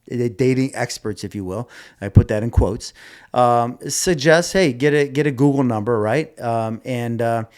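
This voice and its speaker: A man's voice: medium pitch, normal speed, darkish tone, clear, resonant tone. A middle-aged man hosting a podcast, telling a dating story in a rambling, casual way, with many restarts and asides. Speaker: podcast host.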